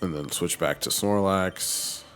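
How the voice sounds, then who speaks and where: A man's voice: deep voice, takes it slowly, fairly bright tone, faint music behind. A man streaming a game, chatting casually as he plays and talking to his team and viewers. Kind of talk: casual gameplay commentary.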